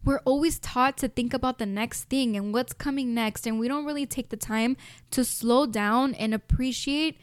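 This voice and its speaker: A young woman with a Mexican American accent, slightly high-pitched, talks straight to her listeners in a heartfelt, reflective monologue. She sounds choked up with emotion, and the sound is dry and close with no room echo. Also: normal speed. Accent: Mexican American English with Spanish mixed in. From United States. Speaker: podcast host.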